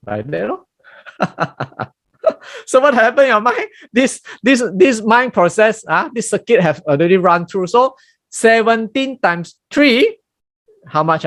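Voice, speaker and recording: A middle-aged Buddhist teacher gives a dharma talk in a lecture room, his voice a little high with no room sound. He's animated, acting out everyday scenes with colloquial exclamations, many fillers and restarts.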